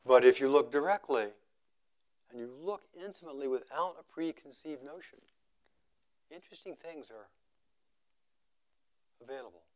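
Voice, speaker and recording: A male meditation teacher speaking in a contemplative, unhurried way. He repeats phrases for emphasis, and his voice often sinks to near quiet at the end of a thought. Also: mid-range voice. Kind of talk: contemplative dharma talk.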